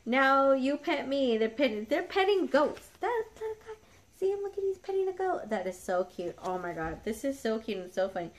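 A woman's voice: sits high, very animated, normal speed. Gushing woman unboxing for her dogs. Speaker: dog channel vlogger. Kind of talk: casual unboxing chat.

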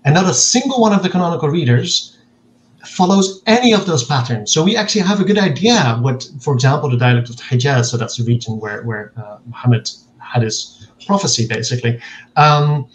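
A man's voice: a little high, expressive, rough recording. Man explaining carefully in an interview. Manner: measured, explains with quoted examples. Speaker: linguist guest.

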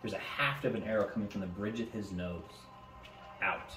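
A man narrating a tabletop game as game master, halting now and then and repeating words. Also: fairly low pitch. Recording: roomy, distant mic, faint music.

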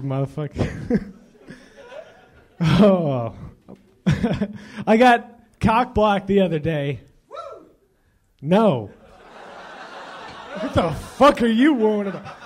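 High-voiced young man, slow rambling stand-up. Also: a little mellow, husky. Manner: profane, loose, laughing at his own jokes. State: intoxicated. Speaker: stand-up comedian.

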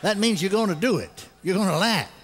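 An older man preaching a sermon, telling stories animatedly and bursting into loud acted laughter. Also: high voice, expressive, brisk, husky.

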